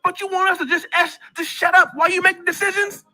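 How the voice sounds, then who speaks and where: A man's voice: extremely high pitch, fairly even intonation, fast talker, bright, forceful tone. A man hosting a commentary vlog, ranting in a preachy way, repeating himself and calling out people by name.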